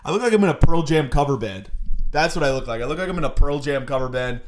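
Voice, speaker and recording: A young man hosts a podcast with a crude, sarcastic comedic monologue. He rambles and repeats himself for effect. His voice sits a little on the high side. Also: animated, fast, background noise. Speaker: podcast host.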